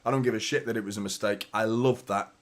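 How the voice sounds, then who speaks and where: A man hosts a fan watchalong, calling the match live between stretches of casual chat. His voice is hoarse and strained from a sore throat. He keeps up a chatty, sweary stream of teasing banter about the players. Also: lowish voice, fairly even intonation, quick pace.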